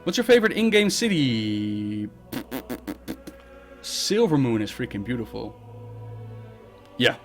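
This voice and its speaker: A man hosting a live Q&A stream, reading viewer questions aloud and answering them bluntly and briskly. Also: mid-range voice, sing-song, soft background music. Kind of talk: casual live-stream chat.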